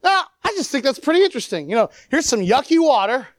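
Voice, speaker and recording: A preacher giving an animated sermon, acting out the people in the story and swinging between loud and quiet. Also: sits high, quick pace, no echo. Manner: animated, acts out the people it quotes.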